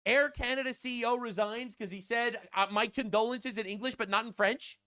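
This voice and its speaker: A man rants on politics in a mocking, sarcastic way, swearing freely. His voice runs high. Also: fairly even intonation, brisk, bright, forceful tone. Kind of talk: political rant commentary.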